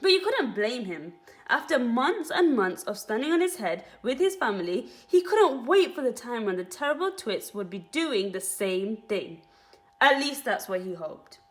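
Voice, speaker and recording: A woman teacher reads a children's storybook aloud to her class. Her voice is high and very animated, rising and falling with the action. The telling is expressive and engaging. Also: moderate pace.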